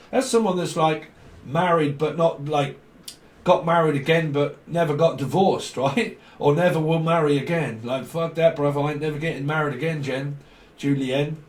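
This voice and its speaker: A man's voice: on the high side, fairly quick. A man giving a rambling tarot reading, free-associating, swearing and chuckling as he goes. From near London. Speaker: tarot reader. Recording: roomy sound, mic at a distance.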